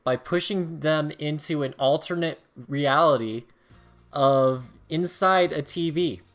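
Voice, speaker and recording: A man's voice: fairly high pitch, takes it slowly, a bit bright, faint music behind. Chatty laughing man hosting a stream. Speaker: stream host. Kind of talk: casual chat over gameplay.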